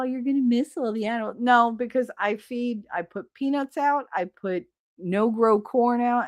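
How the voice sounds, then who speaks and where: A woman's voice: fairly low pitch, dry recording, clean studio sound. A middle-aged woman hosting a live stream, chatting casually and bluntly, swearing freely while she reads viewers' comments.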